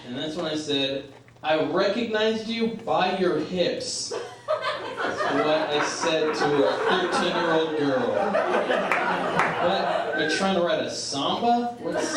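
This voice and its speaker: A young man performing a stand-up comedy set on a small club stage, self-deprecating and halting, with many "uh"s and "like"s. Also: a little high, heavy background noise. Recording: echoey live club recorded from a distance. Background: audience laughter.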